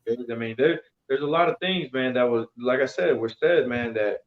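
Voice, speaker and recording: A man telling a story in casual chat, halting and leaning on fillers. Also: medium pitch. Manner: halting, many "you know" fillers. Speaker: religious group member. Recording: roomy, dull sound.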